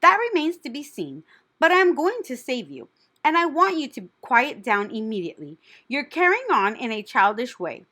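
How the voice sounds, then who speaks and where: A woman voicing a calm, wise female spider who speaks softly and sweetly but firmly. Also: sits high, pitched above the performer's own voice, full character voice. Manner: soft, sweet, brisk.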